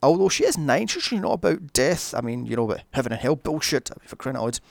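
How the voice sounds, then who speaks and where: A man's voice: medium pitch, big pitch swings, quick pace, creaky, no echo, studio quality. A man narrating a sarcastic movie recap, full of profane, mocking asides. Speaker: film recap commentator.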